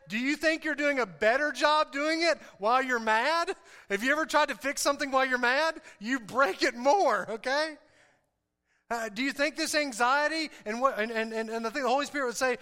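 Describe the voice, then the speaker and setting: A male pastor preaches with animated emphasis and keeps repeating his main points. His voice is high for a man and bright. A long hall reverb hangs on every phrase. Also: a little fast. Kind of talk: sermon.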